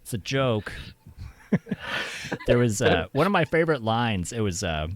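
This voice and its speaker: A man's voice: mid-range voice, very animated, measured pace. A man from Oklahoma hosting a stream, chatting casually with many fillers and laughs. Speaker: streamer host. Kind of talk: casual chat.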